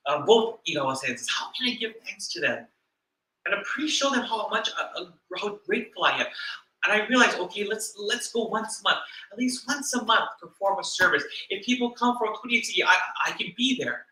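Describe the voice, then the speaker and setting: A man's voice: sits high, expressive, bright, forceful tone. Male minister, sermon, earnest and reflective, echoey church room. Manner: earnest, reflective, with pauses and repetitions. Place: church hall.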